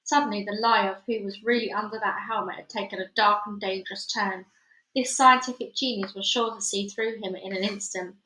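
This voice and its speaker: A woman reading a children's novel aloud, lively and expressive, acting out the sound effects. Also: medium pitch, fairly quick, reverberant, poor audio. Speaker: reader. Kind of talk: children's book read-aloud.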